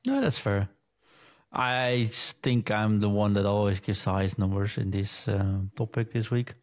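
A man with a fairly low voice hosts a casual talk show. He moves easily from topic to topic, chatty and relaxed, keeping the conversation going. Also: normal speed. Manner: relaxed, chatty, leading the segments. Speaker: podcast host. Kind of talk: casual chat.

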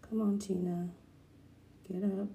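A woman quoting a cheerful, coaxing middle-aged dad who cooks, in her own slow, low, gravelly voice. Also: flat delivery, dark tone, reverberant, slight background noise, poor audio.

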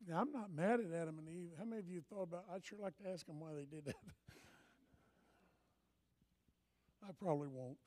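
A man preaching a sermon in an animated, impassioned way, often breaking into shouts. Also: high voice, normal speed, long pauses.

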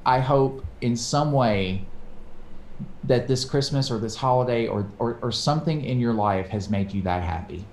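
A man telling a story in casual podcast chat, animated and swearing casually, acting out quoted voices. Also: mid-range voice, normal speed, reverberant, a little hiss or hum. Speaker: podcast co-host.

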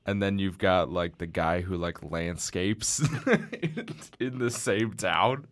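A young man chats casually on a podcast and laughs often as he talks. His voice is fairly low. It is recorded close and dry, with no echo. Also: expressive, slow. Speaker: podcast co-host. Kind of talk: casual chat.

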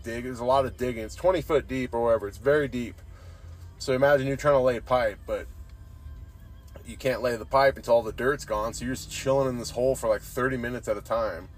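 A young man hosting a podcast, telling rambling, profane stories and saying "dude" constantly. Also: medium pitch. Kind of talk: casual storytelling chat.

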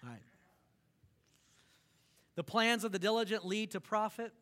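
A man from Texas, preaching a sermon in an animated, repetitive way and calling on the congregation to repeat after him. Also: sits high, measured pace, long pauses. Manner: animated, repetitive, calls for audience response. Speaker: pastor.

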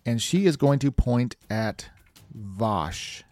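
A man's voice: medium pitch, animated, moderate pace, dry recording. A man narrating a tabletop game as game master, reacting openly to the dice rolls.

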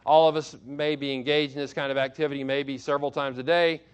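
A man's voice: mid-range voice, little pitch movement, fast talker, clean tone. A male pastor preaching a sermon from behind a church pulpit. He reads scripture aloud, asks the congregation questions and repeats key phrases for emphasis.

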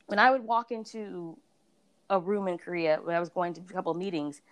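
A woman's voice: fairly low pitch, brisk. A woman in a casual conversation about beauty brands, a reviewer and blogger who tells her stories with animation and acts out other people's voices.

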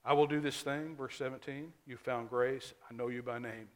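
Pastor guy preaching, emphatic then going soft, mid pitch. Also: steady tone, moderate pace. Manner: earnest, emphatic preaching with sudden drops to quiet asides. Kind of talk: sermon.

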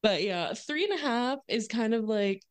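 A woman's voice: on the high side, lively intonation, moderate pace, smooth, dry recording. A woman co-hosting a film podcast, chatting casually and hedging with "like". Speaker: podcast co-host. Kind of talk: casual chat.

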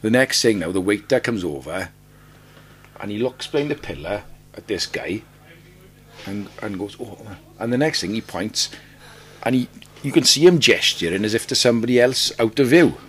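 A Welsh man, lead singer of a band, telling a lively anecdote as a podcast guest, laughing often and repeating himself. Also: lowish voice, normal speed, slight background noise. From Wales. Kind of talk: casual podcast chat, storytelling.

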